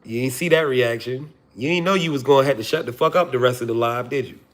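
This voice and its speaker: A man's voice: medium pitch, fast. A man, hosting a livestream and joking profanely to his chat before preaching his point. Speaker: livestream host. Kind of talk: casual livestream talk to chat.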